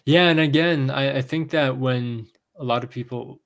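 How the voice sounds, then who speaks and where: A man co-hosting a casual podcast chat, talking haltingly with frequent fillers and restarts. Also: medium pitch, fairly bright tone. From Taiwan. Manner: hesitant, many restarts and fillers. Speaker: podcast co-host.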